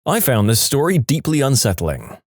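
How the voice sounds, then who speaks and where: A man narrating reader-submitted stories in a scripted, expressive way, acting out the quoted lines with changing voices. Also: medium pitch, moderate pace, no echo, clean studio sound. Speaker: storytime narrator.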